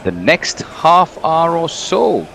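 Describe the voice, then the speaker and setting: A man's voice: on the high side, sing-song, slow, vocal fry, fairly bright tone, a little hiss or hum. A man opening his cricket commentary stint with friendly greetings, then summing up the match so far. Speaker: commentator taking over the stream.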